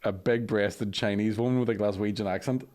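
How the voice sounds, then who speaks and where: A man's voice: lowish voice, fairly even intonation, a little fast, a little mellow. A man, a podcast co-host trading crude jokes in casual chat. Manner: joking, crude banter.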